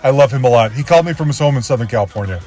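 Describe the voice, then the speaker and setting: A man's voice: mid-range voice, lively intonation, rapid-fire, warm tone, soft background music. A man hosting a podcast and introducing an episode on his own, rambling and self-deprecating. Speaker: podcast host.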